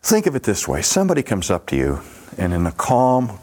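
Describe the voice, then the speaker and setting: Slow, deliberate male teacher. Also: on the low side, huge pitch swings, a little mellow. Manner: deliberate, asks rhetorical questions. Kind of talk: teaching lecture.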